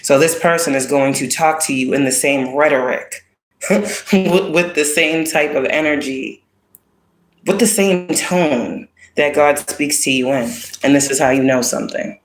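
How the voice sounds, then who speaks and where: A woman's voice: low voice, fairly even intonation, a little slow, slight background noise. A woman giving a casual spiritual card reading, talking bluntly with heavy profanity and streetwise slang. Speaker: spiritual reader. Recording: roomy echo.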